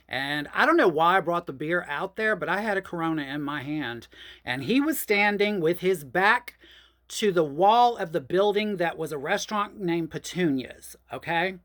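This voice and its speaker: A woman, telling a personal story in a chatty, profane, animated way. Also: deep voice. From New Orleans, USA. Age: 50s. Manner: animated, profane, chatty, addresses listeners as y'all. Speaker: host.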